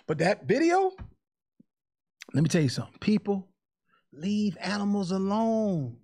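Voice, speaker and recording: A man's voice: high-pitched, sing-song, slow, long pauses, a little mellow. A man hosting a podcast, chatting casually and animatedly, laughing often and mixing jokes with preachy asides. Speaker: podcast host. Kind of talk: casual chat.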